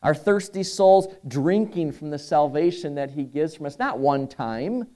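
Earnest male pastor mid-sermon; mellow, warm voice with emphatic phrasing. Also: fairly high pitch, expressive, a little slow.

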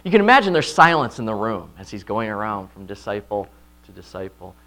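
Animated preaching man with lively pitch. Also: brisk. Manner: animated preaching, frequent "right?" check-ins, voices quotes loudly. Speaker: pastor. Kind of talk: expository sermon.

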